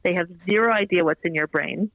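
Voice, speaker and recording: Speaking quickly in a fairly low voice, a woman chats casually as a podcast guest, her dry-sounding audio coming over a muffled remote line. She's an animated storyteller who acts out the quotes she shares.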